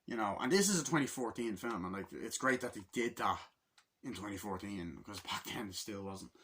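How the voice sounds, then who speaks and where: A man giving a casual movie review, excitable and very profane, acting out the scenes he describes. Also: on the low side, fairly quick, slight background noise. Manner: excitable and heavily profane, acts out scenes in loud impressions.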